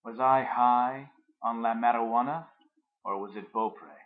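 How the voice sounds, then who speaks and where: A man narrating a first-person story in a measured, reflective way. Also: mid-range voice, phone-quality sound.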